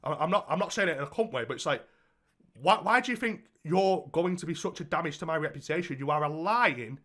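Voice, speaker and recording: Bright-voiced young man, swearing storyteller. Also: on the high side, brisk. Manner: swears heavily, animated storytelling. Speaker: podcast co-host. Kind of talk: casual chat.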